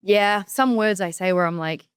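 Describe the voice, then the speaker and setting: Woman, 30s, New Zealand accent softened by American speech, lively and laughing, mid-pitched, close dry recording. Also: moderate pace, clean tone, no room sound. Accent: New Zealand, partly Americanized. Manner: animated, laughing, jumps high for quoted voices. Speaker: guest, professional wrestler. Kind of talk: casual interview chat.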